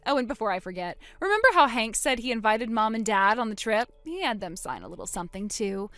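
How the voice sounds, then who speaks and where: A woman's voice: a little high, lively intonation, no room sound, faint music behind. A woman voicing a cool, scheming older sister. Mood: cold. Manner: quiet, cool, deliberate. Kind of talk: dramatized text-message story.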